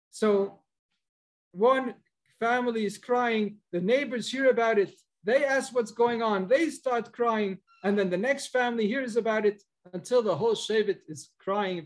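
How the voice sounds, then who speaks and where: A male rabbi giving a Torah lesson as guest speaker, quoting Hebrew and Aramaic texts and retelling them in a lively, storytelling way. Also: very high voice. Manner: cites Hebrew and Aramaic texts, then explains.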